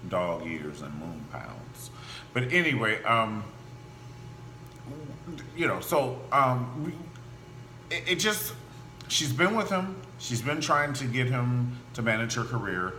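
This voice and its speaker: Animated campy man with a bright voice. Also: mid-range voice, slow, long pauses. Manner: animated and campy, full of asides. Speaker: gossip show host. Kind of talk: casual celebrity gossip monologue. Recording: echoey room with faint hum.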